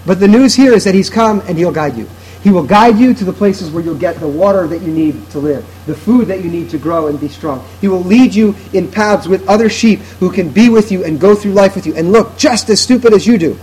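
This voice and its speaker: A man's voice: high-pitched, brisk, darkish tone, a little hiss or hum, low-quality recording. A man preaching a sermon to his congregation in an earnest, emphatic way, driving his points home through repetition. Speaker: pastor.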